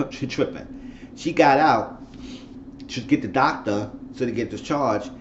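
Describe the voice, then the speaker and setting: A man talks through a TV episode in a loose, chatty recap, with a voice of middling pitch. He breaks into loud reactions to what the characters do. The recording sounds a bit dull, with a faint hiss behind him. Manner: chatty, reacts loudly to the plot. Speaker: TV show reviewer.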